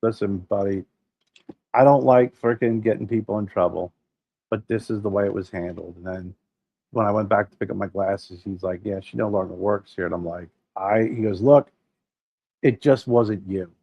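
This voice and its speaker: Low-voiced, profane, animated storytelling man. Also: moderate pace, creaky, no echo, highs cut off. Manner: animated storyteller, swears freely, acts out quoted people. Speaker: podcast co-host. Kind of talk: casual chat.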